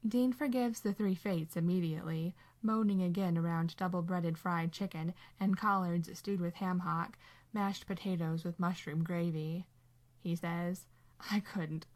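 A woman narrating a story in a calm, unhurried storytelling manner. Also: fairly low pitch. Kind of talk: audiobook narration of fan fiction.

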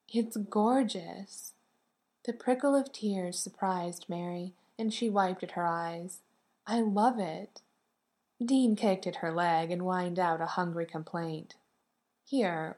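Calm woman narrating a storybook. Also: fairly low pitch. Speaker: audiobook narrator. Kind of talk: scripted narration of a romance novel.

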